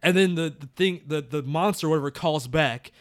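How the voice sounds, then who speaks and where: A man co-hosting a movie-review podcast in casual chat, telling stories in an animated way and swearing casually. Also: on the high side, brisk, no echo.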